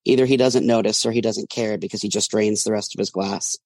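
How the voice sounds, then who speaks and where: A man, an author, reading his first-person fiction aloud in a steady storytelling manner. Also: on the low side, brisk, no room sound.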